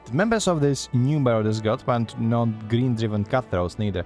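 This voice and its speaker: In a fake Scottish accent, a man reads the dialogue of a game's teasing female guild receptionist like a folksy storyteller spinning a yarn. His natural, mid-range voice is animated and slightly mellow at a normal pace, with soft music underneath.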